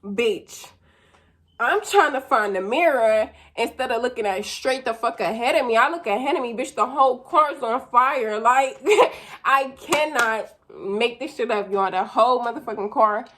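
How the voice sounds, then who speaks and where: A young woman telling a wild personal story in a casual vlog, profane and animated, full of slang. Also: fairly high pitch, moderate pace.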